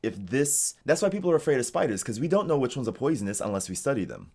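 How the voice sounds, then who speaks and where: An American man in a casual interview, talking in a relaxed, rambling way with lots of "like". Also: mid-range voice, quick pace. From United States. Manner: relaxed, rambling, heavy use of "like". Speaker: interviewee, game designer in Japan. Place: home streaming setup.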